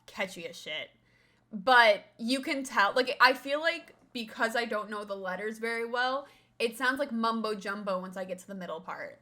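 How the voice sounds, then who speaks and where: Young woman, live streamer, rambling casual chat, bright tone, a bit high-pitched. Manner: rambling, chatty, swears casually.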